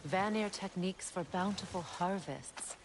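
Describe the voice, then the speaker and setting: An actress playing a proud, grieving goddess who talks in a sharp, sarcastic way in a video game. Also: female voice, lowish voice, unhurried, lightly acted. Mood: reflective. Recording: game audio with boat and water noise.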